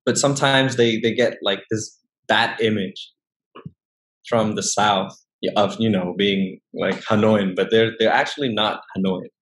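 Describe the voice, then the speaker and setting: A young man from northern Vietnam with a Vietnamese accent, speaking English as his second language in a casual interview and often pausing and restarting. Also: on the low side, steady tone, fairly bright tone, low-quality recording. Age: young adult. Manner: hesitant, many fillers and restarts. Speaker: guest.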